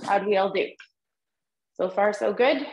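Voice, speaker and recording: A woman's voice: medium pitch, a little slow, echoey room, a little hiss or hum, rough recording. A woman teaching tenor drumming in an online group lesson, patiently counting the rhythms aloud with frequent ums. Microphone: video call microphone.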